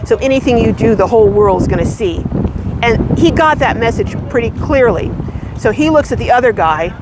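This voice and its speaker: A woman vlogging from her parked van, telling a story to camera in an earnest, measured way. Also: fairly high pitch, slight background noise, rough recording. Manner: earnest, measured, vivid retelling. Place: parked van in a parking lot.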